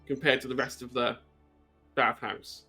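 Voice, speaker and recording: A man narrating as game master of a tabletop horror game, slow and halting with many fillers. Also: mid-range voice, steady tone, creaky, sharp tone, soft background music.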